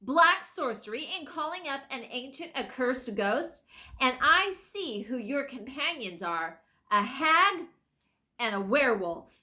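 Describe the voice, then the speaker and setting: Stern young king, forceful and bright, read by a woman. Storybook reading. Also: high-pitched, lively intonation, a little slow, pitched above the performer's own voice, heavily acted. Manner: forceful, accusing.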